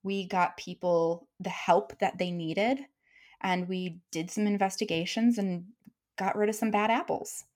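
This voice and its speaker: A woman in her thirties talks openly and warmly as a podcast guest, sharing stories from her own experience. She laughs easily between thoughts, and her voice sits at an ordinary middle pitch. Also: fairly even intonation, measured pace. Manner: open and emotional, laughs often while telling stories. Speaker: guest, military commander and leadership coach. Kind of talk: candid conversational storytelling.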